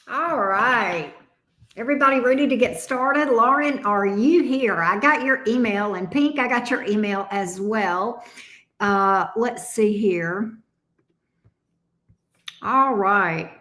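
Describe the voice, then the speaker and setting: A woman with a Southern drawl sits in an echoey room, hosting a casual tarot live stream. Her voice is high and her pace unhurried. She chats easily and greets viewers one by one. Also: a bit bright. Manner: chatty, greets viewers by name.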